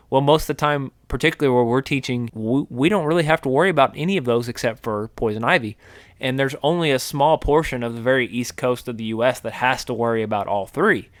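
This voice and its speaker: A man's voice: mid-range voice, a little fast, dry recording, studio quality. A middle-aged man, co-hosting an outdoors podcast and explaining at length with frequent restarts and fillers. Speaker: podcast co-host, wildlife biologist. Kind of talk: casual podcast chat.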